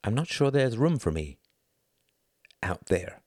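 A man voicing a troubled young man who talks in a halting, introspective way. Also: on the low side, very animated, darkish tone, slightly rough, dry recording, clean studio sound, pitched above the performer's own voice, heavily acted. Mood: brooding.

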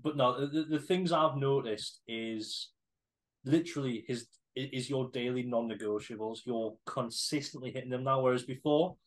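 A man's voice: medium pitch, normal speed, rough recording. Laid-back man. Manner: laid-back, swearing, hesitant fillers. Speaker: podcast co-host. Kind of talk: casual podcast chat.

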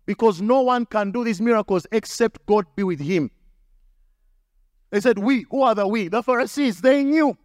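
High-pitched guy preaching hard, repeats lines for punch, close dry mic. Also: normal speed, dry recording. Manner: emphatic preaching with repetition and acted quotes. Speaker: pastor. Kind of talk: sermon.

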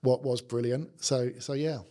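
A man's voice: mid-range voice, steady tone, unhurried, mellow. A middle-aged man with a South London accent, talking casually as an interview guest, with plenty of fillers and restarts. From London, England. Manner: chatty, many fillers and restarts. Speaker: company managing director, interview guest.

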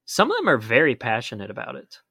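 A man's voice: medium pitch, huge pitch swings, quick pace, vocal fry, sharp tone, no room sound, clean studio sound. A man co-hosting a podcast, explaining in a casual chat with emphatic warnings. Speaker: podcast co-host.

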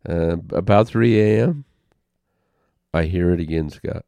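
An older man telling a personal story as an interview guest, halting and heartfelt, with pauses and restarts. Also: deep voice, animated, warm tone, no room sound.

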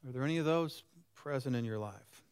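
Lively man in his sixties preaching. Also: medium pitch, fairly quick, smooth. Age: 60s. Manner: conversational, asks the congregation questions; lively and animated. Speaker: pastor. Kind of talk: sermon.

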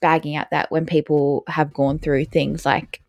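A woman's voice: sits low, level tone, unhurried, no echo, dull audio. A young woman co-hosting a podcast in casual chat, blunt and laughing often. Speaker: podcast co-host.

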